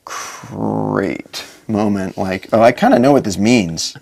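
A man's voice: lowish voice, takes it slowly, creaky, darkish tone. A middle-aged man, a podcast guest, earnestly telling his own story and acting out what he and others said. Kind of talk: personal story in a podcast interview.

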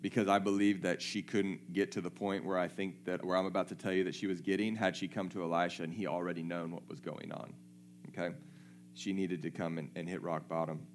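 A man's voice: low voice, level tone, fairly quick, slight background noise. A man preaching a sermon, reading scripture aloud and checking in with his listeners in a conversational way.

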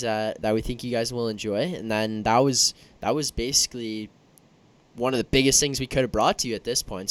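A man with a smooth, clear voice co-hosts a podcast, thanking listeners in a loose, filler-filled wrap-up. His pitch sits in the ordinary middle. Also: a bit bright. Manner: friendly, filler-heavy, hurried wrap-up. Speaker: podcast co-host. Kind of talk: casual podcast sign-off.

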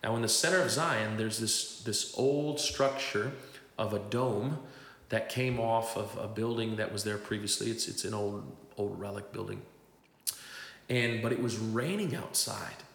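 Unhurried and gravelly, with a fairly low but slightly bright voice, a man shares his testimony from the pulpit and voices the people he quotes. The recording has the echo of a large hall.

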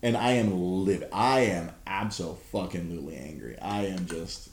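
A man's voice: sits low, normal speed. A man in his thirties hosting a podcast, telling an exasperated, profanity-laced story in casual chat. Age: 30s. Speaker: podcast host. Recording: roomy echo.

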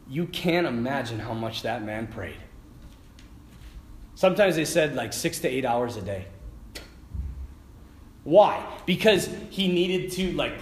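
A middle-aged man giving a lively faith talk to a live audience, telling stories and tossing asides to the listeners. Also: on the high side, a little hiss or hum. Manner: animated storytelling with asides to the audience. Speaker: Catholic speaker. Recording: echoey hall with faint ambience.

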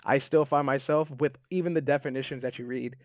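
A man's voice: mid-range voice, steady tone, fairly quick, no echo, dull audio. A male podcast host in casual chat, rambling and laughing often.

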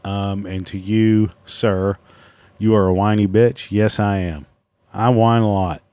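A man hosts his own podcast alone and rants in a loose, profane way, mocking his listeners and himself. His voice sits low and sounds mellow rather than bright. The recording is dry, with little room sound. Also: steady tone, slow pace, smooth, no echo. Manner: profane, sarcastic, self-mocking. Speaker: podcast host. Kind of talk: casual solo podcast rant.

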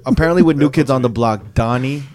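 A man and DJ telling a story in casual podcast chat, profane and animated, slipping into quoted voices. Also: mid-range voice, fast talker, background noise.

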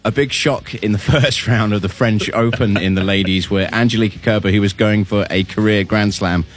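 Low-voiced man reading sports news. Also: normal speed. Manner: steady, matter-of-fact. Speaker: news reader on panel.

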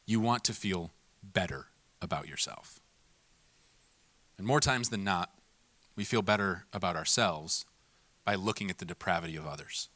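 Animated pastor man, bright dry voice. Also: deep voice, dry recording. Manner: animated, mimics people in voices, laughs at himself. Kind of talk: sermon.

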